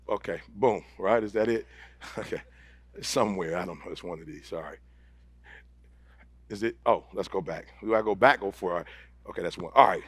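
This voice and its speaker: High-voiced gravelly man preaching fast. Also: no echo. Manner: impassioned, repetitive, builds to shouting; fast-talking, rushing phrases. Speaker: motivational speaker. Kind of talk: live motivational speech to an audience.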